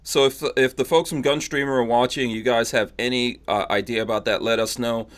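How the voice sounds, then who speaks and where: A man hosting a casual podcast panel, easygoing and laughing often, reading out shout-outs to viewers in the chat. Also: medium pitch, steady tone, brisk. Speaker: podcast host.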